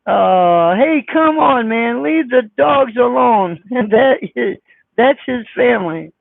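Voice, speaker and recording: A man with a squeaky voice, chatting casually on a live stream as he reads viewer comments, blunt, defensive and folksy. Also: expressive, slow, vocal fry, no room sound. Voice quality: squeaky high voice. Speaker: trucker vlogger reading live chat. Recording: dry, phone-like sound.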